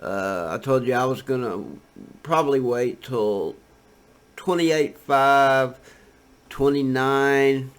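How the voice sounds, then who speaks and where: A man's voice: mid-range voice, slow pace, smooth. Rambling laid-back man talking crypto charts. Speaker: crypto trading commentator. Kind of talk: casual screen-share commentary.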